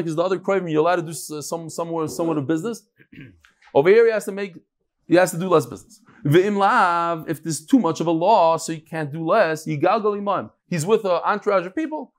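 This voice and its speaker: A high-pitched man leads a daily Talmud class, explaining the text in plain language sprinkled with Hebrew and Yiddish study terms and acting out the dialogue.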